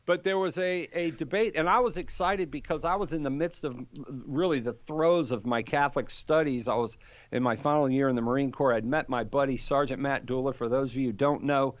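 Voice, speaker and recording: An older man in casual conversation, telling a lively story and acting out the quotes in it. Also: medium pitch, fairly quick, no room sound, lo-fi sound. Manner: animated storyteller, acts out quotes. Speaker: Catholic apologist guest.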